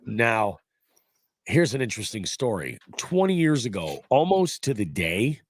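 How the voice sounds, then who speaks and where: Speaking unhurriedly with big pitch swings, a congested middle-aged podcast host uses a lowish, nasal, stuffy voice. He chats casually in a rambling, profane, joking way, recorded dry on a studio mic.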